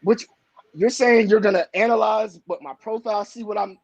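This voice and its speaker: A man's voice: high voice, normal speed, slight background noise. A man arguing brashly and insistently as a guest on a live talk show, often cutting in. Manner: brash, insistent, talks over others. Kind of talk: casual debate on a live show.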